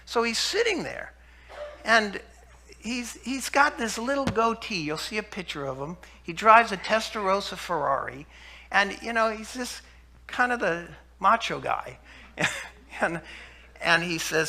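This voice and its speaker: A man giving a health lecture to an audience, telling stories and acting out the dialogue with animated energy. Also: high-pitched, moderate pace. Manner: animated storyteller, acts out dialogue, laughs. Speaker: health speaker.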